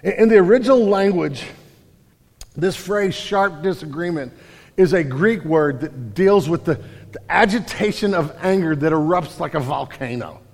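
A man preaching a sermon in a lively, animated way, acting out quotes loudly. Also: a little high, normal speed, gravelly. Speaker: pastor. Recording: hall reverb.

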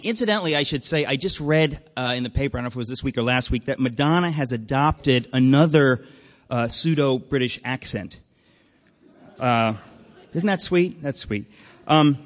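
A man hosting a live event, introducing the speaker with deadpan jokes and a rambling manner full of fillers. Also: medium pitch, in a large hall. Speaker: event host. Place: event hall with an audience.

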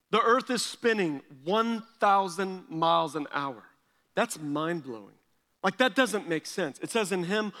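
A man preaching a sermon from a stage in an animated, conversational way. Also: high-pitched, big-room sound. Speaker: pastor. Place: large hall stage.

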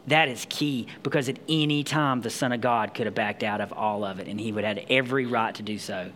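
A man preaching a sermon at a middle pitch, moving between read-aloud scripture and casual, emphatic explanation with quick restarts. A faint noise sits under his voice. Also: fairly bright tone. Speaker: pastor.

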